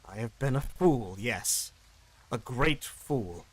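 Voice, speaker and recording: A man's voice: mid-range voice, expressive, slow, husky, low-quality recording. Guilty grim guy, read out by a man, heavy and grave.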